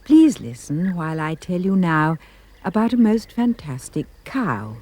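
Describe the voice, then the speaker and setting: A woman giving a playful, expressive reading of comic rhyming verse. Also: a little slow. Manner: animated, playful storytelling with big pitch leaps. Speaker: storyteller.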